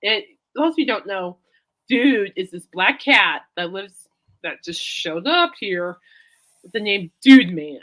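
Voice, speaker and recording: A woman's voice: mid-range voice, lively intonation, a little slow, a bit bright. A woman hosting a casual chat show, rambling and giggling as she tells everyday stories. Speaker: podcast host.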